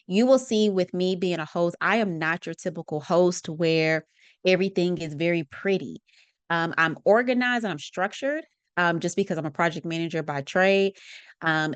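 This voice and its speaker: A woman's voice: fairly low pitch, clean tone, dry recording. A woman hosting her own podcast, talking casually and expressively to listeners with lots of asides. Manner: chatty and expressive, many fillers and asides. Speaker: podcast host. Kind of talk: casual solo podcast monologue.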